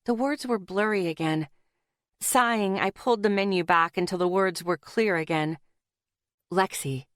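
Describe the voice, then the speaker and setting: A woman narrating a first-person fantasy audiobook in a steady, even way. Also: medium pitch, normal speed, no echo, clean studio sound.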